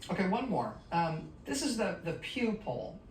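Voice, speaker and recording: A woman news host runs through poll results with an animated, swinging delivery and sardonic asides. The sound is roomy and a little distant, with a faint rumble underneath. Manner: wry, sardonic asides between rapid-fire questions. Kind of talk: cable news commentary reading poll results.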